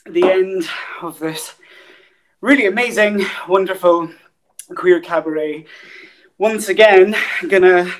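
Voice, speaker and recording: A woman's voice: fairly low pitch, takes it slowly, pauses often, poor audio. A woman hosting an online cabaret, out of breath after dancing, chatting casually and swearing. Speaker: cabaret host. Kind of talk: casual live-stream hosting.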